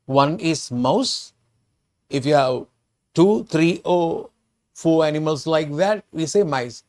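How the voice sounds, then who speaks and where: A man's voice: a little high, darkish tone. A man, a Sinhala speaker, teaching spoken by reading a story aloud and drilling words with many repetitions and restarts. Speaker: English teacher. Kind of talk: reading a story and explaining vocabulary.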